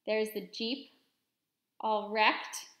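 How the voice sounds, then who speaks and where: A woman reading a children's story aloud expressively, pausing to explain words and lessons to young listeners. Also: medium pitch, fairly even intonation, fairly bright tone, reverberant.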